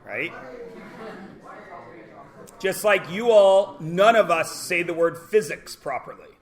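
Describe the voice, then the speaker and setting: A man's voice: sits high, lively intonation, slow. Canadian man teaching a math class. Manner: chatty, asks the class questions and answers them himself.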